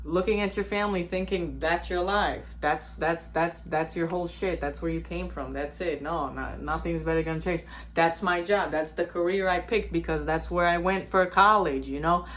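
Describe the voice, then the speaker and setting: A woman's voice: on the low side, normal speed, few pauses, a little hiss or hum. A woman vlogger giving a blunt, profane, emphatic self-help monologue.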